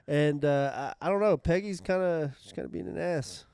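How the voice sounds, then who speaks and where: A man's voice: on the high side, normal speed, gravelly, a little mellow, smooth, no room sound, clean studio sound. A man co-hosting a podcast, adding short, laid-back comments in casual chat. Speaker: podcast co-host.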